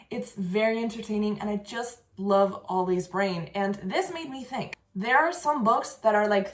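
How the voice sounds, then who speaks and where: A young woman in a casual book vlog talks through her reading with bubbly enthusiasm. Her voice sits at a middle pitch, and the room around her rings with a noticeable echo. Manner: chatty and enthusiastic, with laughs. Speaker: book vlogger.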